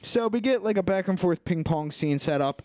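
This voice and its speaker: A man's voice: high-pitched, animated, moderate pace, darkish tone, no echo, studio quality. A young man co-hosting a podcast, casually recapping a film in a rambling way and acting out its lines. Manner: rambling, acts out movie lines with laughs. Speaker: podcast co-host.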